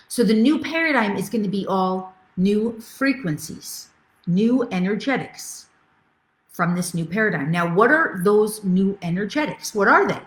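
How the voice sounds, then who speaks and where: A woman's voice: mid-range voice, echoey room. A middle-aged woman spiritual coach teaching a live webinar, enthusiastic and reading out viewer comments as she goes.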